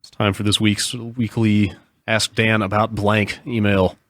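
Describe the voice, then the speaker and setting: A man's voice: lowish voice, little pitch movement, measured pace, a bit bright, no echo. A man hosting a podcast, making dry, wry comments in casual chat. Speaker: podcast host.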